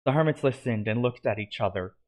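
A man reading his own fan story aloud, in a steady delivery with small slips and restarts. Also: medium pitch, brisk. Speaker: narrator.

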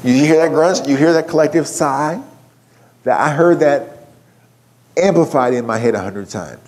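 A man's voice: on the high side, moderate pace, darkish tone. A man giving a keynote talk, telling a story in a conversational way and putting questions to a live audience. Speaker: keynote speaker.

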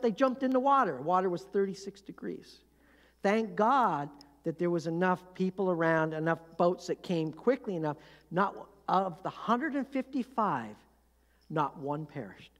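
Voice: medium pitch, big-room sound. A pastor giving a conversational sermon, telling a story and often asking the congregation questions. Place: church sanctuary.

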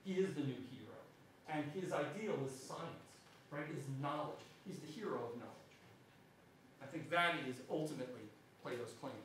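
A male history lecturer with a New Zealand accent, giving an animated public talk and tagging "right?" onto his points. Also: on the high side, normal speed, a little hiss or hum. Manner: animated, frequent "right?" tag questions. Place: lecture hall. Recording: echoey hall from far off.

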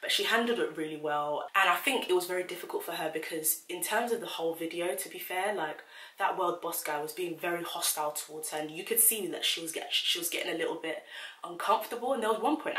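Woman, 20s, candid YouTube commentator; slightly low voice, roomy echo. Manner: chatty, frank, animated retelling. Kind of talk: casual commentary vlog.

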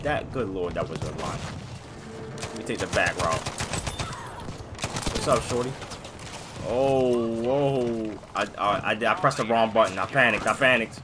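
A man hosting a gaming video, giving excited, slangy commentary while he plays, often yelping or shouting. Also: lowish voice, a little slow, long pauses. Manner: jokey, yelps and shouts at sudden moments, slangy. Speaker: gaming channel host. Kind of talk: excited live gameplay commentary. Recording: gunfire and game noise clearly behind.

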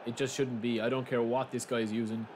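Brief: young male gaming host, chatty commentary that flares into shouting, noisy background. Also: medium pitch, brisk. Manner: chatty, swings to loud excited shouting. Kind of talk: live gameplay commentary. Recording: steady background noise.

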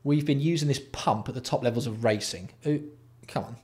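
A man's voice: mid-range voice, fairly quick, darkish tone. A man hosting a live stream, ranting and swearing in exasperation while reacting to products. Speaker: livestream host. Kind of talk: casual live-stream commentary.

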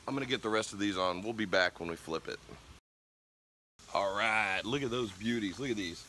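Brief: male cooking vlogger, low voice, hoarse with a cold, excited chatter, faint background noise. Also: moderate pace. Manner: enthusiastic, chatty, talks to viewers. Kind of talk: casual cooking vlog. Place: backyard grill and home kitchen.

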